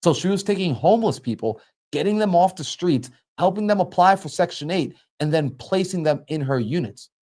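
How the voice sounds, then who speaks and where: A man's voice: a little high, lively intonation, a little fast, darkish tone. A man, a real estate investor, telling a story on a group call and acting out both sides of a phone conversation.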